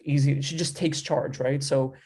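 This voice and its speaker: A man of ordinary pitch tells a story in loose, easygoing chat. His talk wanders and fills up with little fillers. Now and then he slips into quoting what he said back then. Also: steady tone, moderate pace, warm tone, husky. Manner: rambling, filler-heavy with frequent 'like' and 'you know'; acts out his own past remarks in quotes. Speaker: interview guest telling a story. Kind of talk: casual storytelling.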